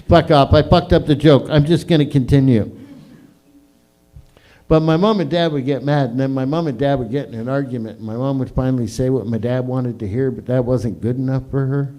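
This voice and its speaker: A man's voice: on the high side, fairly quick, a little mellow. A middle-aged man hosting an open mic, telling crude, profanity-laden stories in a rambling stand-up style on a small comedy stage.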